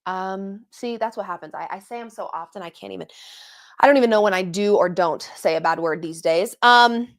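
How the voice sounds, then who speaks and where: A woman's voice: mid-range voice, a little fast. Exasperated woman hosting a sports reaction show. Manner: animated, exasperated, sarcastic asides to viewers. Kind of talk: post-game reaction talk.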